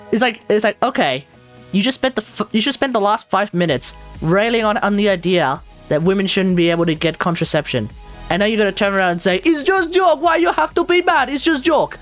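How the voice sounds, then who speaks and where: A woman live streamer in casual chat, ranting in an animated way and laughing often. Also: mid-range voice.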